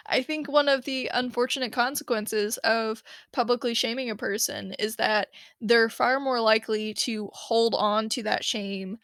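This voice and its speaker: A woman's voice: mid-range voice, no room sound, clean studio sound. A woman hosting a podcast, talking casually and retelling a story with lots of fillers and little laughs. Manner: chatty, animated retelling with frequent fillers and laughs. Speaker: podcast host. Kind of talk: casual solo podcast talk.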